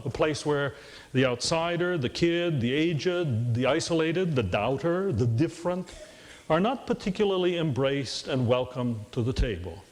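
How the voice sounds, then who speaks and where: Earnest pastor preaching in a reverberant church. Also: male voice, on the high side. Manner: measured, earnest preaching with dry humor. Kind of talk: sermon. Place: church sanctuary. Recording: long hall reverb.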